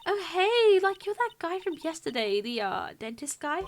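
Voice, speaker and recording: A woman's voice: extremely high pitch, very animated, moderate pace, slight background noise, voice pushed up, full character voice. A woman voicing a carefree, airheaded young woman from a video game, saying "like" constantly with rising upspeak. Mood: chirpy. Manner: breathless, drawls "like" constantly, upspeak. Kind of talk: reading game dialogue aloud on a live stream.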